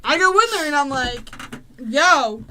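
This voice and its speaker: A woman in her thirties, co-hosting a casual podcast chat, animated and swearing, breaking into loud acted-out quotes. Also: fairly high pitch, measured pace, slight background noise. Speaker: podcast co-host.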